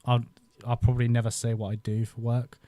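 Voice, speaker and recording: Rambling nostalgic man, mellow voice. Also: medium pitch, monotone, fairly quick, no room sound. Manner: rambling, nostalgic, laughs often. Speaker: YouTube host. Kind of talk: casual live-stream chat. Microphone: desk microphone.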